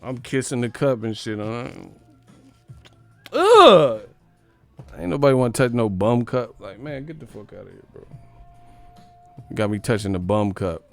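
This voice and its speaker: A man from the Bay Area hosting a sports live stream, ranting in a profane, animated, comedic way and laughing often. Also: mid-range voice, a little fast, vocal fry, faint music behind. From San Francisco Bay Area.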